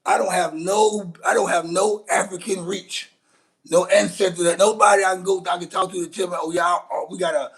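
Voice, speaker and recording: Man, husky voice, a bit high, blunt and profane, rambling livestream rant. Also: steady tone, a little fast, poor audio. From Shreveport, Louisiana, USA. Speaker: livestream host.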